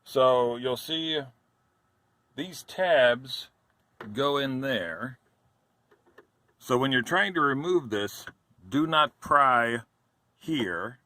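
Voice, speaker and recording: A DIY car repair vlogger, a man with a mid-range, expressive voice, narrates casually from inside the car while working, out of breath and thinking aloud. He stretches his words, leaves long pauses, and sounds sharp yet hesitant and careful with his warnings. The audio is poor, with no room sound.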